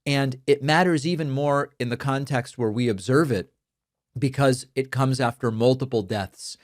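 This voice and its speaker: In this close, dry recording with no room sound, a host who grew up speaking Spanish argues his political commentary emphatically, his pitch sitting in a normal middle range for a man.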